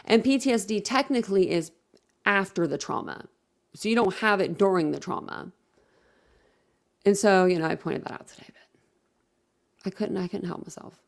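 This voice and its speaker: A woman hosting a casual livestream, chatting loosely with her viewers. She rambles, corrects herself and leans on fillers as she reads comments aloud. Her voice sits at a middling pitch with a gravelly, fry-heavy edge. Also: moderate pace, pauses often. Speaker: livestream host. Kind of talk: casual live-stream chat, reading viewer comments.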